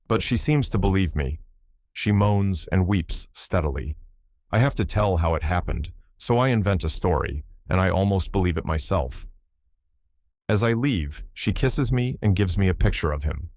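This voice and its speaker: A man narrates a novel in the first person with a measured, somber reading. His voice sits very low, and the recording is dry and close. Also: darkish tone, no room sound. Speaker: audiobook narrator.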